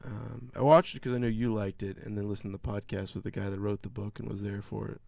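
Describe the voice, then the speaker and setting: A man's voice: on the low side, quick pace, creaky, no echo. Sarcastic man ranting about a movie. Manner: sarcastic, animated movie rant with mocking impressions. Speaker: podcast co-host. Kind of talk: casual chat.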